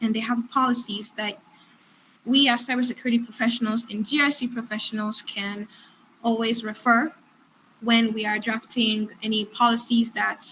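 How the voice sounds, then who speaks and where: A woman on a video call explaining risk concepts as a compliance professional, measured and structured. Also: on the high side, flat delivery, fairly bright tone, a little hiss or hum, poor audio. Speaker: GRC professional panelist.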